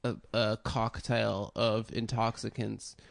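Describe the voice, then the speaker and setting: A man's voice: fairly low pitch, little pitch movement, takes it slowly, creaky. A man co-hosting a comedy podcast, joking around in casual chat and laughing often. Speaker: podcast co-host.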